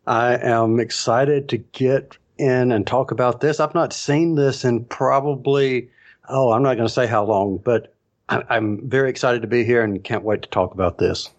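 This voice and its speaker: A man's voice: mid-range voice, steady tone, moderate pace, highs cut off. A man co-hosting a fan podcast, eager and thoughtful in casual chat. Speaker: podcast co-host.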